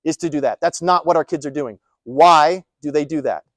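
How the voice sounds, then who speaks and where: A man with a high voice gives a live talk to a room of caregivers. He is emphatic and keeps asking rhetorical questions and repeating key points. The sound is dry, with little room echo. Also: normal speed. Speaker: presenter. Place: presentation room.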